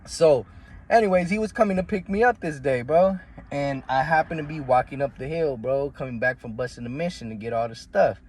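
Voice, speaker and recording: A man's voice: fairly quick, a little mellow, a little hiss or hum. A man telling a story from his life in casual, slangy, profane talk, often calling the listener "G" and "bro.". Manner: acts out the quoted voices in a much higher pitch.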